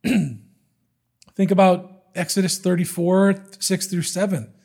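A man's voice: sits high, steady tone, takes it slowly, gravelly, darkish tone, husky. A man preaching a sermon in an earnest, emphatic way, repeating key words for weight.

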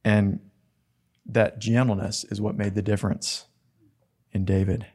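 A man preaching a sermon in an earnest, gentle way, with soft asides. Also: lowish voice, level tone, unhurried, gravelly, slightly rough.

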